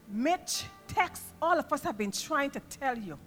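A woman preaching an impassioned sermon in a church, moving from quiet storytelling to shouted praise. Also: fairly high pitch, big pitch swings, normal speed, few pauses. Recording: reverberant church hall with music behind.

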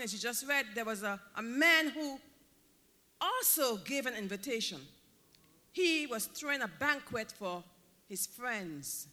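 A man preaching with a strikingly high, bright, ringing voice that swoops lively up and down. He drives his points home by repeating key words. His sermon echoes with a long reverb through a large hall.

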